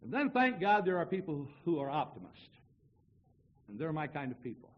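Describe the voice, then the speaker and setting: A man's voice: fairly high pitch, sing-song, normal speed, lo-fi sound. A man preaching as an evangelist to a congregation, telling wry, folksy stories and jokes in a humorous sermon. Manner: storytelling, wry and joking. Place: church before a congregation.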